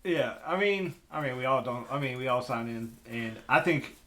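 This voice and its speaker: A man veteran chatting on a podcast, earnest and a little halting. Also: medium pitch, animated, sharp tone. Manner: earnest, halting, many "uh" and "I mean". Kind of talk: casual chat.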